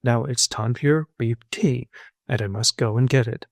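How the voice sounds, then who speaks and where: A man reading an audiobook, voicing a self-possessed young woman who speaks coolly and firmly, lifting his voice higher when she insists. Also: normal speed, vocal fry, dry recording, clean studio sound, natural voice. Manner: cool and firm, rises when insistent. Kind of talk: audiobook character voice.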